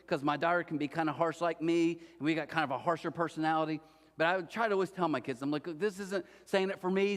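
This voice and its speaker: A middle-aged man preaching a sermon as pastor, telling stories and acting out quoted voices with lively swings. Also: a little high. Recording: church hall reverb.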